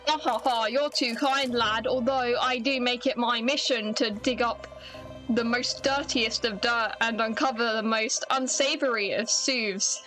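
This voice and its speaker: A woman's voice: on the high side, steady tone, unhurried, sharp tone, faint music behind, rough recording. Woman putting on a chatty British reporter man. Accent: attempted British. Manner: stumbling read-aloud delivery. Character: chatty middle-aged male British reporter.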